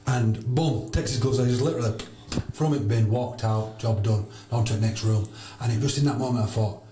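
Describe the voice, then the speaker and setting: A man, a podcast guest telling stories loudly and bluntly, swearing freely. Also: lowish voice, fairly quick, hardly any pauses, slight background noise. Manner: loud, blunt, emphatic. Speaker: podcast guest, charity founder. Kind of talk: animated storytelling with swearing. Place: sauna. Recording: roomy echo.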